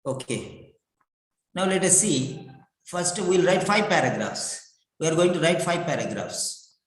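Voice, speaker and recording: A man teaching a writing lesson slowly, repeating words and spelling them out letter by letter. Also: on the high side. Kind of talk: online exam-prep lesson. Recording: echoey room.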